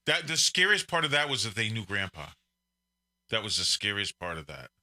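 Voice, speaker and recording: A middle-aged man co-hosting a casual chat, telling family stories in an animated, expressive way. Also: fairly low pitch, brisk. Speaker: co-host.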